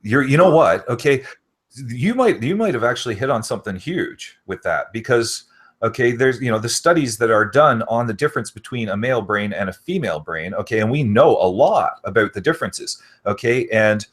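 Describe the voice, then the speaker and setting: A man's voice: mid-range voice, animated, brisk, fairly bright tone, slightly rough. A man talking in a rambling casual conversation, full of fillers like "you know" and "okay".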